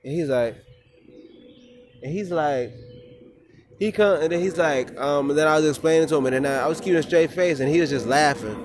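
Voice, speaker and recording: A man's voice: on the high side, fairly quick, pauses often, noisy background. A man in a rambling, profane casual monologue who often repeats himself and restarts. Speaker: vlogger.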